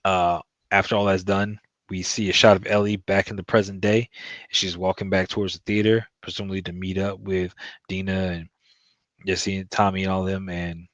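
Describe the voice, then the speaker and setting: A man's voice: deep voice, flat delivery, moderate pace, a bit bright, dry recording, highs cut off. A man giving a casual, rambling recap of a TV episode, with loose fillers as he retells the plot. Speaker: TV show reviewer.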